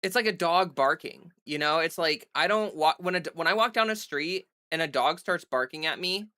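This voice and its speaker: A woman talking off the cuff on a home livestream, her voice bright and forward. She rambles through fillers and restarts and stays blunt and defiant, swearing freely. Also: low voice, moderate pace. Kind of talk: casual livestream chat. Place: home streaming setup under bright lights.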